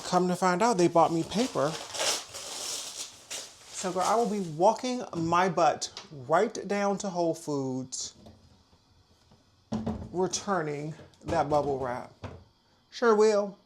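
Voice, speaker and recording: A woman's voice: fairly low pitch, slow pace, long pauses, reverberant, background noise. A woman vlogger chatting casually and sassily to her viewers at home while packing up to move, calling them girl and child.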